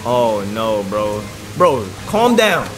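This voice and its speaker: A man streaming a horror game, reacting loudly and talking along with the characters. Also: mid-range voice, sing-song, takes it slowly, music in the background. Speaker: gaming streamer. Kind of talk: let's play commentary.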